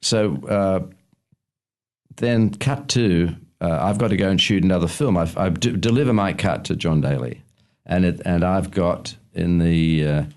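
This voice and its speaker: Gravelly deep-voiced man telling stories. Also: measured pace, a little mellow. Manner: rambling anecdotal storytelling, chuckling. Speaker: guest film director. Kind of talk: casual podcast interview.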